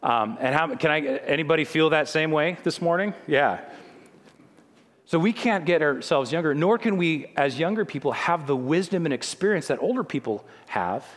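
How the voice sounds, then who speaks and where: A man's voice: fairly high pitch, expressive, normal speed. Man preaching in a reverberant hall. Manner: conversational preaching with frequent restarts. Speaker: pastor. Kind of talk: sermon.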